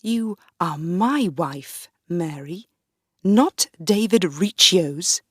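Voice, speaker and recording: A woman voicing a mocking, spiteful young husband who sneers quietly in a story reading. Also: fairly low pitch, animated, slow pace, no echo, studio quality.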